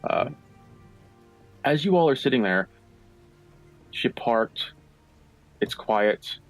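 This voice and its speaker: A man serving as game master, narrating a tabletop game at a measured pace, with lots of "uh" fillers and the odd swear. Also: medium pitch, animated, soft background music. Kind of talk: narrating a tabletop game over an online call. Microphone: online voice-chat mic.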